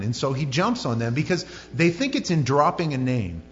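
A man's voice: mid-range voice, sing-song, moderate pace, hardly any pauses. Joking male pastor in an echoing hall. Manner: conversational and joking, with many asides. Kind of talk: sermon. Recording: lo-fi sermon recording in a reverberant hall with faint music.

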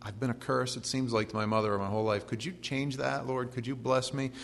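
A man voicing a sorrowful biblical man who quietly pleads with God for a blessing, in a hushed and earnest way. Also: mid-range voice, fairly even intonation, brisk, vocal fry, big-room sound, a little hiss or hum, close to an everyday voice. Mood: pleading.

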